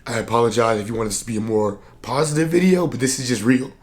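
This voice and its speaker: A man who works as a coach, talking candidly to camera in a vlog, earnest and reflective, and tired and low on energy. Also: fairly even intonation, fast talker. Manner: earnest, reflective, plain-spoken with many "like" fillers. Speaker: personal development coach and vlogger.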